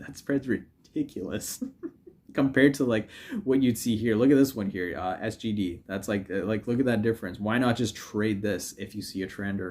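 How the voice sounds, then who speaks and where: Guy with a kinda low voice rambling about trading on his channel, jokey, lots of ums and restarts. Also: a little mellow. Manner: rambling and joking, self-correcting, filler-heavy. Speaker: forex trading YouTuber. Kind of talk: casual screen-share commentary.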